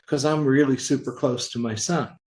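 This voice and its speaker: A man's voice: mid-range voice, normal speed, poor audio. A man in his seventies, a guest on a comics interview show, telling stories and acting out what people said. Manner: animated storyteller who acts out dialogue in quotes. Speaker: guest, comics industry veteran. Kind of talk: anecdotal storytelling in conversation.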